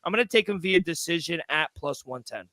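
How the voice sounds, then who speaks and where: An excitable man co-hosts a casual podcast chat in a fairly high, bright voice. He swears freely and trips over repeated words, heard dry and close with no room sound. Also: fairly quick, no echo. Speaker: podcast co-host. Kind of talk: casual sports betting chat.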